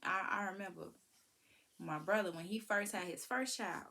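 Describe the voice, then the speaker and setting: A woman giving casual, animated parenting advice, breaking into sing-song sounds. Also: medium pitch, normal speed, creaky, slight background noise. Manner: animated, preachy, sings and vocalizes to demonstrate. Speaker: parenting vlogger.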